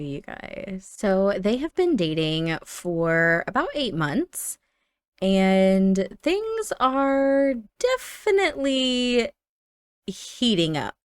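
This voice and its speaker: A woman's voice: on the low side, clear, resonant tone, dry recording, clean studio sound. A young adult woman casually narrating a life-sim story as she plays, chatty and full of fillers. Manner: chatty, warm-hearted, with fillers. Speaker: game storyteller.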